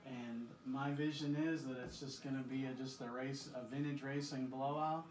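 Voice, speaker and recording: A man's voice: medium pitch, fairly even intonation, moderate pace, darkish tone. A man hosting a casual interview, upbeat and enthusiastic, often repeating his words as he talks. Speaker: interviewer, event organizer. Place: a shop, indoors. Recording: roomy echoey sound.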